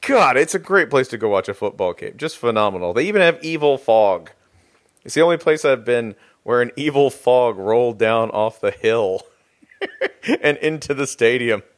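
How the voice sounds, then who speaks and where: A man hosts a loose podcast conversation, his pitch leaping up and down as he jokes. He laughs often and slips into silly voices while he talks. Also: animated, normal speed. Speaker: podcast host. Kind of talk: casual chat.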